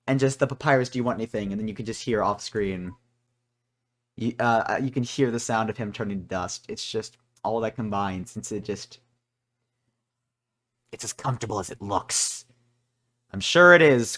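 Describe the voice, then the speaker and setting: A man's voice: fairly low pitch, fairly even intonation, moderate pace. A man giving casual, joking let's play commentary over a video game, rambling and self-mocking. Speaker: gaming video creator.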